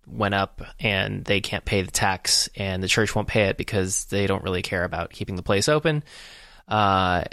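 Low, smooth-voiced man recapping a film. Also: a bit bright, dry recording, studio quality. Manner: recaps plot in a halting, unhurried way with many fillers. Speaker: podcast co-host. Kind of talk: casual film discussion.

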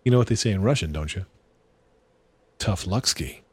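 A man joining a casual movie commentary as a guest, making deadpan puns on a close mic. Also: on the low side, very fast, slightly rough, no echo. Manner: deadpan punning jokes.

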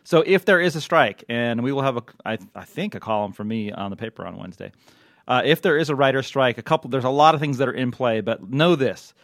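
A man's voice: mid-range voice, lively intonation, quick pace, fairly bright tone, no echo, studio quality. A man co-hosting a casual podcast about television, talking in a chatty way with many fillers and restarts. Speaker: podcast co-host, TV critic.

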